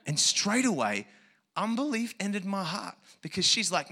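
A man preaching a sermon as a personal story, animated, swinging from hushed asides to shouted peaks. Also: sits high, moderate pace.

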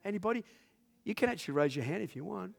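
A man preaching a sermon to a congregation, who swings from loud, drawn-out preaching to hushed storytelling and laughs at his own jokes. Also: high-pitched, lively intonation, creaky. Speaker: pastor. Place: church in front of a congregation.

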